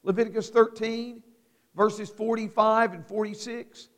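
A man preaching a sermon, slow and emphatic with dramatic pauses. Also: sits high, fairly even intonation, a bit bright. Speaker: pastor. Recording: long hall reverb.

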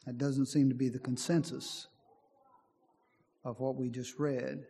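A man's voice: medium pitch, little pitch movement, measured pace, vocal fry, pauses often, warm tone, breathy edge. A man preaching a sermon in an earnest, emphatic way, often reading scripture aloud. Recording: long hall reverb.

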